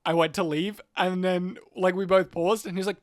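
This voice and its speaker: A man's voice: sits high, steady tone, moderate pace, no echo, studio quality. A man co-hosting a podcast in casual chat, rambling, swearing and laughing often. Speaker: podcast co-host.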